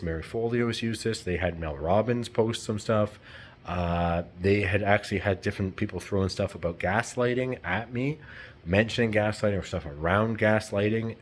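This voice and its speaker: A man talking in a rambling, heated, profane unscripted monologue. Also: low voice.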